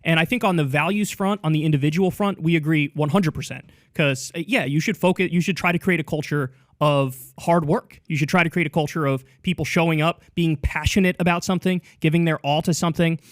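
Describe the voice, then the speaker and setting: A man's voice: a little high, brisk, few pauses, dry recording, studio quality. A man as a podcast guest, laying out his argument in articulate, structured points. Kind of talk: debate.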